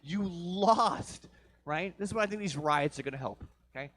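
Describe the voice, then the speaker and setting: A man's voice: high-pitched, animated, normal speed, a bit bright. A man doing a crude, rambling stand-up set, swearing often and checking in with the crowd. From Vancouver area, Canada. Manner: crude, profane, rambling with frequent "right?". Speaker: stand-up comedian. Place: comedy show stage.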